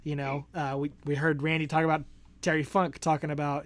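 A man's voice: fairly high pitch, level tone, normal speed. A man co-hosting a podcast in casual chat, rambling and laughing often. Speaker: podcast co-host.

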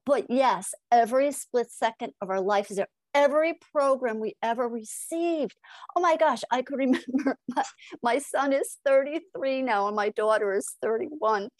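A middle-aged woman from Connecticut appears as a hypnotist guest on a podcast interview, speaking at a moderate pace in a voice on the higher side. She tells lively stories, laughs often, and repeats phrases for emphasis. The recording is dry and close, with no room around it.

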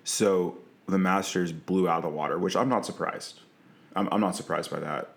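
A man's voice: sits low, moderate pace, creaky. A young man co-hosting a podcast, easygoing and agreeable, often repeating words as he starts. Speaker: podcast co-host. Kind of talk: casual chat.

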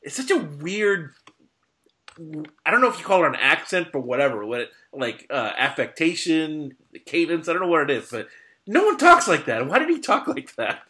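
Guy on a movie podcast, bright voice, keeps restarting his sentences, chatty. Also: on the high side, wildly swooping pitch. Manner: rambling, halting restarts, frequent laughs. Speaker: podcast co-host. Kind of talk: casual film discussion.

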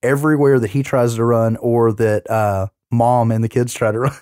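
A man's voice: mid-range voice, normal speed, dry recording. Man, podcast host, casual movie recap, cursing a lot, dry close sound. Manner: profane, animated retelling with acted-out quotes.

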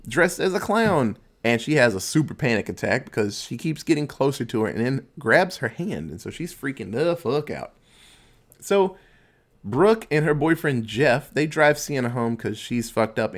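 Crude, chatty man recapping a movie. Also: mid-range voice. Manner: crude, profanity-laced storytelling with quick asides; acts out characters' lines in quick impressions.

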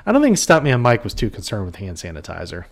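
Low-voiced man co-hosting a podcast. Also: huge pitch swings, fast, vocal fry. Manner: laughs often while reading movie quotes. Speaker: podcast co-host. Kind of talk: casual chat.

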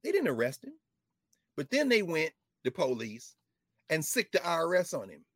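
A middle-aged man, a professor talking politics in an impassioned, preachy way, with mocking quotes and bursts of shouting. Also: a little high, wildly swooping pitch, moderate pace, gravelly, no room sound, clean studio sound. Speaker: professor and show co-host.

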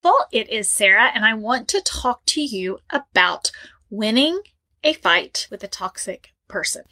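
A woman relationship coach giving direct advice to camera, emphatic and animated, driving her points home by repeating them. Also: fairly high pitch, measured pace.

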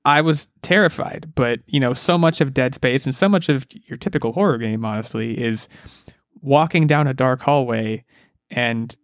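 A man's voice: medium pitch, normal speed, dry recording, clean studio sound. A man co-hosting a casual podcast, talking eagerly and rambling with restarts. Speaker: podcast co-host, game expert.

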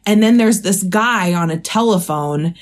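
A woman co-hosting a podcast in casual chat. She tells stories in a lively, giggly way and swears freely. Her voice sits at a middle pitch. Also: a little slow. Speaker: podcast co-host.

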